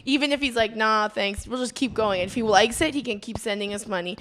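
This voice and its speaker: A woman's voice: fairly high pitch, fairly bright tone. A woman co-hosting a podcast, bantering casually, laughing often and teasing her co-host. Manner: quick to laugh, teasing interjections.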